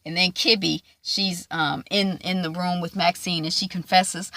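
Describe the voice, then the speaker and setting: A woman casually recapping a TV episode, acting out the characters' lines in quick asides. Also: on the low side, dry recording. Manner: animated, acts out quoted lines in quick asides. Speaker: TV show reviewer.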